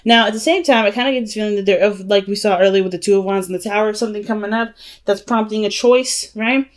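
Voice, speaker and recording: A fast-talking woman with a mid-range voice gives a casual tarot reading, chatty and emphatic, repeatedly using "you know" and "right?" while calling her viewers "family" and "y'all".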